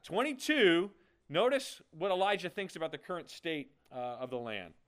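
A man's voice: a little high, very animated, moderate pace, clear, resonant tone. A man preaching a sermon in a playful, conversational way, often checking in with "okay?". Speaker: pastor.

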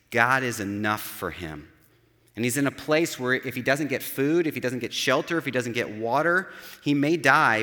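Male pastor, earnest conversational sermon delivery, ordinary middle pitch, long hall reverb. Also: a bit bright. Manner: earnest, conversational preaching with rhetorical asides.

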